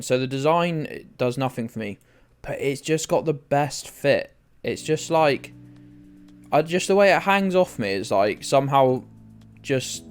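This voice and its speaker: A young British man live-streaming a game, rambling and joking with viewers and swearing freely. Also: medium pitch. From United Kingdom. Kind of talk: casual live-stream chat while playing. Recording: faint music in the background.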